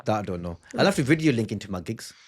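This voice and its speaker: Fast, animated comedian. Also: male voice, on the low side, husky. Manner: animated storytelling, acts out voices. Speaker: comedian and podcast co-host. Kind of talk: comic banter. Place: family home.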